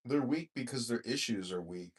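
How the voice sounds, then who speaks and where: A man's voice: mid-range voice, expressive, moderate pace. A man hosting a crude, casual political chat in an online voice room, blunt and profane, given to rants. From Chicago area, US. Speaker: podcast host and mayoral candidate.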